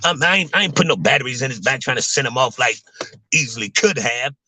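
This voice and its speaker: A young adult man chatting casually to his viewers, rambling in loose slang and filling every pause with "man" and "you know what I'm saying.". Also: medium pitch, lively intonation, sharp tone, husky, dry recording, poor audio. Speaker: vlogger talking to viewers. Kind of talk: casual livestream chat.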